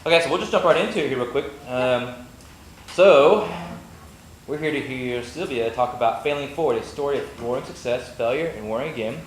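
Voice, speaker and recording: A man hosting a meetup, reading a speaker's introduction quickly, stumbling now and then and throwing in jokes. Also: medium pitch. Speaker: meetup host. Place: meeting room. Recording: echoey room with faint noise.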